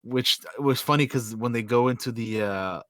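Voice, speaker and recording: A man's voice: medium pitch, moderate pace, fairly bright tone, no echo, studio quality. A man co-hosting a podcast in casual chat, laid-back and slangy, stretching words for emphasis. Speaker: podcast co-host.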